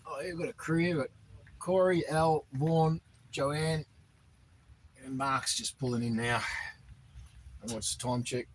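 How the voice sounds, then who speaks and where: A man's voice: fairly high pitch, fairly even intonation, unhurried, pauses often, slight background noise, rough recording. Chatty man greeting his livestream viewers. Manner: chatty, reads out viewer names and greets them. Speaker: livestream host. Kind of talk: casual livestream chat reading comments. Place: outdoors in the cold.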